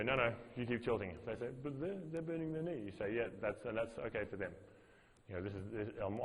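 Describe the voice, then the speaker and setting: A man's voice: medium pitch, long reverb tail, poor audio. A man teaching as a fitness master trainer, explaining movements to a group step by step and repeating his cues. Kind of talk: coaching a group workshop.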